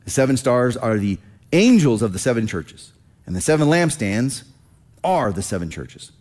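A male pastor preaching with a mid-range voice. He talks in a conversational, animated way and acts out quoted lines as he explains the text. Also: mid-range voice, moderate pace. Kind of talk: sermon teaching.

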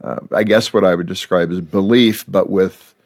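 A man with a fairly low voice hosts a faith interview. He asks probing questions in a relaxed way and often pauses with "uh" and "you know.". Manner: warm, probing questions with fillers. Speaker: talk show host. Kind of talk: interview conversation.

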